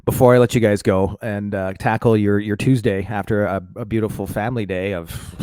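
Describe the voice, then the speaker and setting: A man's voice: lowish voice, steady tone, normal speed, darkish tone, clean tone, dry recording, studio quality. Rambling man venting on a vlog. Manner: rambling, heavy fillers and restarts, swears, self-mocking. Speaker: vlogger. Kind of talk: casual rambling monologue to viewers.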